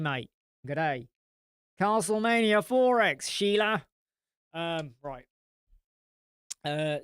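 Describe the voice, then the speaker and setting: Male host, smooth dry close-mic voice, blunt ranting live-chat style. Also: fairly high pitch, dry recording. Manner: blunt, rambling, swears. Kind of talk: casual live-stream chat.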